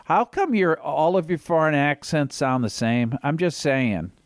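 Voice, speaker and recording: A man's voice: fairly high pitch, animated, a little slow, no room sound, clean studio sound. A man co-hosting a casual sports podcast, rambling and reading stats aloud. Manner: rambling, reads stats aloud, sings little sound effects. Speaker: podcast co-host.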